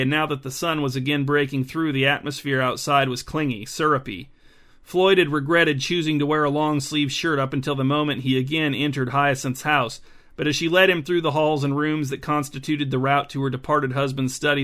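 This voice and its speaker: Bright-voiced male audiobook narrator. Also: medium pitch. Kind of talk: scripted narration.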